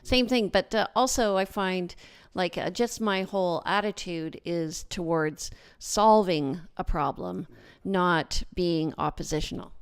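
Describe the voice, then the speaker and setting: A woman's voice: on the low side, measured pace, clear, resonant tone, no echo, clean studio sound. A woman hosting an interview show, a realtor who chats casually and upbeat with her guest. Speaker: podcast host and realtor.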